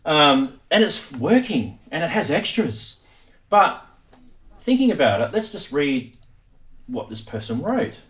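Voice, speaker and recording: Lively chatty host. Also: male voice, medium pitch, normal speed. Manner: animated, laughs often, chatty. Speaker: live stream host. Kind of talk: casual live-stream chat.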